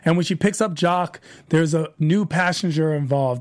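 A man's voice: high-pitched, moderate pace, hardly any pauses. A man hosting a TV review show, recapping episodes in a casual, rambling way that repeats phrases as he retells scenes.

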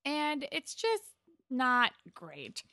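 Bright-voiced young woman retelling plot. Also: sits high, huge pitch swings, drawn-out words, no room sound, studio quality. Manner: chatty plot retelling, acts out quotes, laughs often. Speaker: podcast co-host. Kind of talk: casual TV recap chat.

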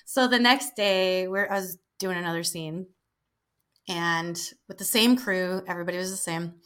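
Bright-voiced woman telling a laughing story. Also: lowish voice, moderate pace, clear, resonant tone. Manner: laughing, swearing freely, animated storytelling. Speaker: guest performer. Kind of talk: casual interview chat.

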